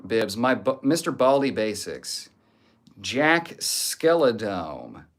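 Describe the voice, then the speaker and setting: A man streaming live, reading viewer comments aloud and answering with crude, jokey banter. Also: medium pitch. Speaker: livestreamer reading chat. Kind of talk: casual livestream chat.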